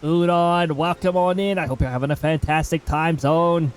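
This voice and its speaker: A man's voice: a little high, moderate pace, faint music behind, rough recording. A man streaming a game live, chatting casually and self-mockingly and reading chat messages aloud.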